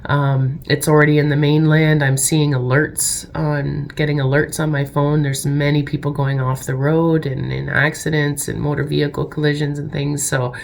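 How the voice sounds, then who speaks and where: Stuffy, low-pitched woman, middle-aged, casual rambling vlogger. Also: flat delivery, moderate pace, creaky, few pauses. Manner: chatty, rambling storytelling. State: stuffy from a cold. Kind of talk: casual vlog chat.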